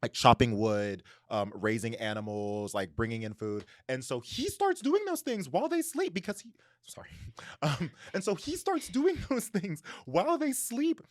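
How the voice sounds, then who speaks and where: A male podcast co-host on a casual book discussion retells a story animatedly, laughing as he goes and saying "like" a lot. His medium-pitched voice moves at a moderate pace, recorded with studio quality and no echo.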